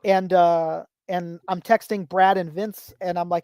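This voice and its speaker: A young man tells stories on a podcast in a loose, chatty way. His voice jumps up high whenever he imitates someone else, and it sits close and dry on the mic. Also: measured pace, clear, resonant tone, no echo. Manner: animated storyteller, acts out quotes with rising pitch. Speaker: podcast guest. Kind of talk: casual storytelling chat.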